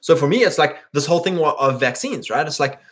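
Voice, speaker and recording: A man in a casual, rambling monologue, full of fillers and quick asides, often acting out other people in mock voices. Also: a little high, lively intonation. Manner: rambling, peppered with "like" and "right?".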